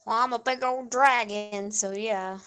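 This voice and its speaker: A woman's voice: on the high side, fairly even intonation, a little slow, bright, forceful tone, smooth. Joking woman player at a game table. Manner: joking, asks rules questions. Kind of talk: casual game chat.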